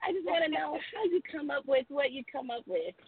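A woman calling in to a radio show, an excited fan who giggles while she asks her question. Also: high-pitched, fairly quick, creaky, no echo. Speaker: caller. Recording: tinny phone line.

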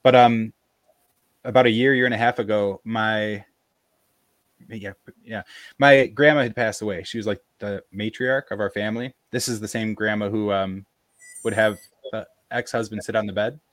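Low-voiced guy on a video call, lots of ums and restarts, dry sound. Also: fairly even intonation, a bit bright, dry recording. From American South, Appalachia. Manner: halting, many fillers and restarts. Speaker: podcast guest. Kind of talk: casual storytelling.

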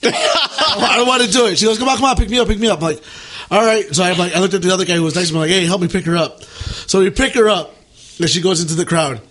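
Man, high voice, animated storyteller, casual chat, laughs a lot. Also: fast, slight background noise.

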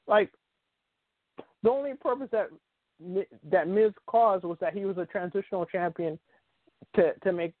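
A man's voice: sits high, normal speed, pauses often, no echo. A man hosting a casual sports talk show, rambling with many fillers and restarts. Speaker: podcast host. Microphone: phone call. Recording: tinny phone line, dry.

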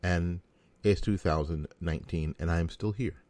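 A man's voice: sits low, normal speed, darkish tone, no echo. A middle-aged American man giving a folksy, sarcastic opinion monologue as a talk show host.

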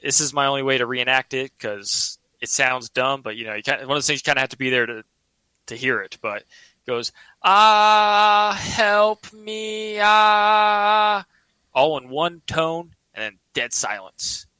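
A man's voice: medium pitch, fairly quick, bright, forceful tone, no room sound, poor audio. A man telling a personal story in a casual, earnest, rambling way, often restarting his sentences.

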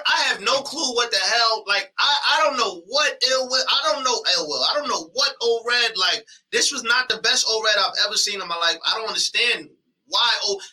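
Brief: loud, high-voiced male co-host, lively, set a bit back from the mic. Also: recorded from a distance, low-quality recording. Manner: animated, yelling in disbelief, mock scolding. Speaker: podcast co-host. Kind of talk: casual battle rap chat.

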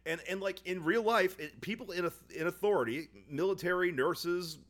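A man co-hosting a comedy podcast about a movie, sarcastic and profane, trading deadpan jabs. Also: high-pitched, moderate pace. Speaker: podcast co-host. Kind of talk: casual comedic movie chat.

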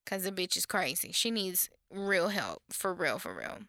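A woman's voice: fairly low pitch, unhurried, dry recording, studio quality. A woman co-hosting a podcast, recapping reality TV in casual chat, swearing freely and acting out quotes. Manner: animated storytelling, acts out quotes, swears freely. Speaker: podcast co-host.

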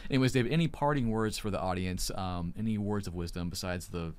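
A male podcast co-host with a lowish voice who talks quickly. He keeps things playful and upbeat. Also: clean tone. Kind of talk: casual chat.

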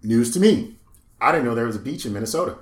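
A man's voice: mid-range voice, expressive, fast talker. A man co-hosting a casual comedic podcast who brings up news stories with laid-back, dry humor and casual swearing. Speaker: podcast co-host. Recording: echoey room.

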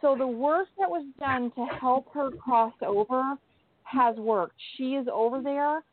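A woman working as a psychic medium on a call-in radio show, relaying messages in a halting way with many repeated words, speaking from a small closet. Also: high-pitched. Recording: thin phone line, dry.

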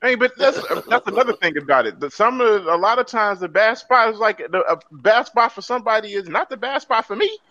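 A man's voice: high-pitched, expressive, brisk, few pauses, bright, forceful tone, dry recording, dull audio. A man hosting a casual podcast chat, laid-back and laughing between remarks. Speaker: podcast host.

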